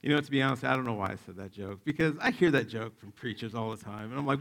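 A man in his forties preaching a sermon, telling stories in an animated, joking way and acting out the quotes. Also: mid-range voice, fast, gravelly. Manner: animated, jokey, acts out quotes. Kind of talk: sermon with personal storytelling.

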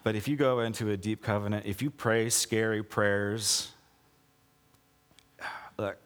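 A male pastor preaching a conversational sermon with sarcastic asides, acting out quoted lines in a lower, softer voice. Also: fairly even intonation, measured pace, in a large hall.

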